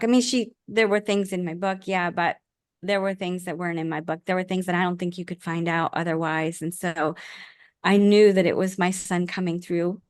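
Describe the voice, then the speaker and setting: A woman's voice: fairly low pitch, clear, resonant tone, dry recording, clean studio sound. A middle-aged woman guest speaking earnestly and from the heart in a casual interview, often restarting her sentences. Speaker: podcast guest, author and life coach.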